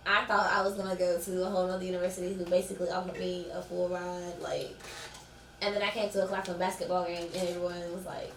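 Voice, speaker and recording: A young woman on a student panel, telling a story in a casual, animated way. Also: on the low side, fast talker, slight background noise. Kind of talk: casual group discussion. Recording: echoey room, far from mic.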